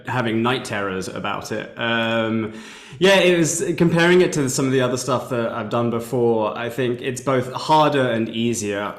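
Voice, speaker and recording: A British man, an executive producer, answering questions in an interview and laughing easily. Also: medium pitch. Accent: British English. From Britain. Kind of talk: video call interview. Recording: roomy echo.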